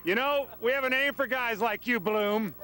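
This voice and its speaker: Excitable high-voiced sports anchor. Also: male voice, normal speed, slight background noise. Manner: lively, joking, exclaiming. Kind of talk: excited live TV sports segment.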